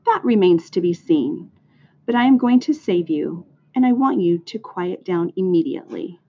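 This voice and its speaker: A woman reading a storybook aloud, voicing a calm, wise female spider who speaks briskly and firmly. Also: fairly low pitch. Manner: brisk, firm and measured. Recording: dull lo-fi recording.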